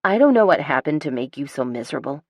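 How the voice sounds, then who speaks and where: A bright, insistent young woman who will not take no for an answer, as a female audiobook narrator puts her on. The voice sits a little higher and livelier than the reader's own dark tone, and it comes across close and dry. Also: big pitch swings, quick pace, no room sound, heavily acted. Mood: defiant. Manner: bright and insistent, talking over objections. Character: bubbly, pushy young woman, stubbornly determined.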